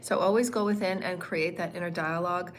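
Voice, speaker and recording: There's a faint hum under the audio as a woman with a fairly low, steady voice teaches on spiritual matters via livestream. Her delivery drifts and loops back on itself, with ums filling the pauses.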